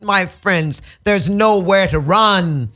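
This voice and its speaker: A woman's voice: mid-range voice, slow, a bit bright. A woman guest in a radio studio interview, telling stories candidly in a theatrical, profane way and breaking into sung phrases.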